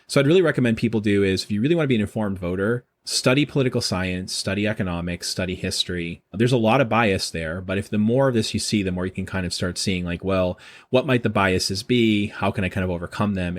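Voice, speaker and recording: Brief: middle-aged male academic guest, low voice, rapid explanations. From Boston. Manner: quick, animated explaining with frequent restarts. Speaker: guest professor. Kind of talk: casual interview talk.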